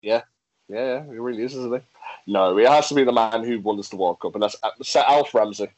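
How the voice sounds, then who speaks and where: This English podcast co-host talks briskly at a medium pitch, chatting casually while reading out facts. Lively and prone to laughing, he keeps starting over. The audio is poor, with no room sound.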